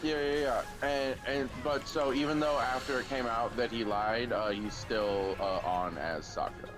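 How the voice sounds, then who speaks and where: A man chatting on a game stream, rambling through a story with casual swearing. His voice sits in a mid pitch. Clear game music and vehicle sounds run behind him. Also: steady tone, normal speed, poor audio.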